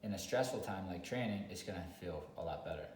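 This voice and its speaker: A man working as a dog trainer, talking bluntly in a casual video chat and sometimes swearing, loudly acting out dog owners. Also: low voice, animated, quick pace. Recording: echoey room with faint noise.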